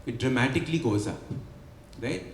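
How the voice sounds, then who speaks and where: At a book launch in an event hall, an author and habit coach explains his ideas to an audience, peppering them with rhetorical "right?" questions. His voice is medium-pitched and creaky at a moderate pace, with a little hiss or hum, an echoey hall, and light ambience.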